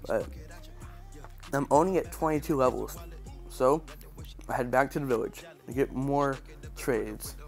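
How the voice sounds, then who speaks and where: A man's voice: medium pitch, vocal fry. A man with a stuffy, congested nose giving casual, joking and sarcastic game commentary. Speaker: gaming channel host.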